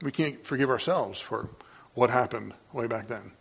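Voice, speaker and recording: Guy preaching a sermon, gets loud and fired up then drops quiet, muffled recording. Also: medium pitch, moderate pace, gravelly, breathy edge. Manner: impassioned, swings from quiet to loud.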